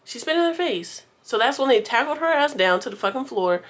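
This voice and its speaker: A woman's voice: high-pitched, expressive, a little fast, fairly bright tone, a little hiss or hum. A young woman vlogger telling a storytime tale to her viewers in a slangy, profane, chatty way. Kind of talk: casual storytime.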